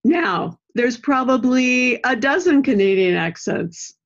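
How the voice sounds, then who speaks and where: A woman's voice: high voice, big pitch swings, takes it slowly, creaky. A woman from the United States hosting a casual chat, asking curious questions and laughing along. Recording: slightly muffled recording.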